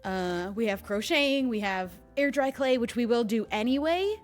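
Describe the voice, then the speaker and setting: A woman's voice: fairly high pitch, animated, normal speed, faint music behind. A young woman chatting casually on a livestream, bubbly and thanking viewers by name. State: hiccuping. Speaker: streamer.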